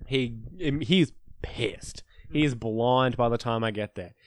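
A young man co-hosting a podcast, telling drinking stories in a casual, animated way, laughing and acting out his friends' lines. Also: medium pitch, takes it slowly, no echo. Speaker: podcast co-host. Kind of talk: casual storytelling chat.

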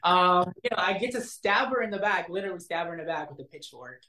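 A young man, an actor, telling a story in a casual interview, animated and acting out the quotes. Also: fast talker. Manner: animated, acts out quotes with big pitch jumps. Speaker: actor guest. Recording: roomy echo.

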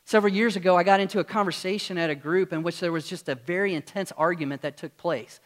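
A man's voice: sits high, fast. A pastor preaching a sermon to his congregation in a church, earnest and full of rhetorical questions. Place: church sanctuary with screen.

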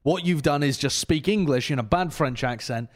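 A man's voice: fairly high pitch, moderate pace. A man on an esports panel, talking in a wry, analytical way. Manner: wry, animated analytical talk. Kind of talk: casual esports chat.

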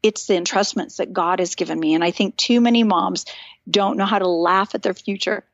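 A middle-aged woman, a guest on a podcast, telling stories in an animated, earnest and encouraging way. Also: medium pitch, fairly quick, dry recording, muffled recording. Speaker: podcast guest, author and speaker. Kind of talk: casual chat.

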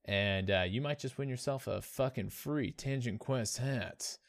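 This podcast co-host speaks in a medium-pitched, creaky voice at an unhurried pace. His casual banter is jokey and full of free swearing.

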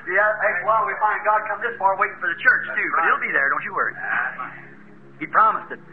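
Old tape of a preacher guy, folksy storytelling, high voice, sounds like a phone line. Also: a little fast, slight background noise. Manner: folksy, chuckling, acts out characters.

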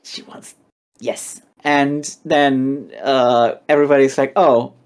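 A podcast co-host recapping a chapter in casual chat, animated and acting out characters in quick voices. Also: medium pitch, clean tone.

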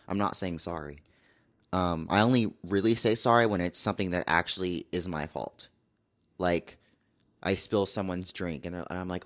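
Lowish young guy venting to camera, blunt and fed up, repeats himself a lot. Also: fairly even intonation, moderate pace, a bit bright. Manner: exasperated, blunt, repetitive. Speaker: vlogger. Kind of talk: casual ranting vlog.

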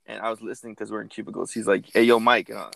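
A young man co-hosting a casual chat, telling rambling, animated stories with frequent cursing. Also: fairly low pitch, racing, creaky, no echo.

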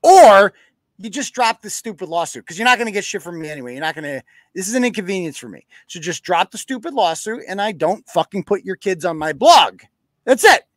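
A man's voice: high-pitched, sing-song, fairly quick, no echo. A man from New hosting a live show, cursing bluntly and acting out quoted exchanges in a casual rant. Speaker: podcast host.

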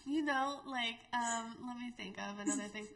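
Young female host, chatty and giggly, bright voice. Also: fairly high pitch, moderate pace. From Boston area. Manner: giggly, chatty, self-conscious. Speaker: podcast host. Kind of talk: casual chat.

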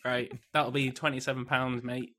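A man putting on a gruff mate-saying barista. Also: medium pitch, little pitch movement, normal speed, bright, forceful tone, lightly acted. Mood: gruff, impatient. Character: grumpy male barista who says mate constantly.

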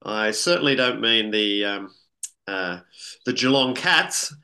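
A man co-hosting a podcast in loose, rambling conversation. He leans on fillers and restarts, and his voice has a bright, edgy tone. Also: on the low side, lively intonation, slow pace. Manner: rambling, chuckling, many fillers. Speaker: podcast co-host. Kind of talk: casual chat.

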